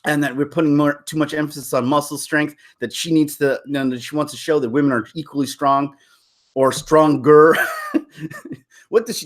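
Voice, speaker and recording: Male vlogger, opinion rant, sarcastic, animated, somewhat high voice. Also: normal speed. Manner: animated, sarcastic, laughing asides.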